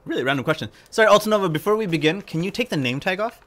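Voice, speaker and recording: A man co-hosting a casual livestream game tutorial, relaxed and asking side questions. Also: sits high, rapid-fire. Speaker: community manager co-hosting a game tutorial stream.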